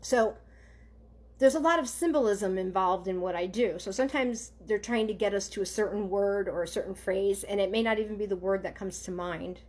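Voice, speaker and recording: A woman working as a psychic medium, doing a live online reading for viewers in a gentle, halting way, with many ums and okays. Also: medium pitch.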